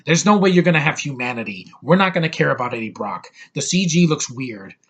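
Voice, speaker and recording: A man's voice: fairly high pitch, animated, fairly quick, fairly bright tone, slightly rough. A young man giving a brash, over-the-top movie review, ranting and swearing as he talks.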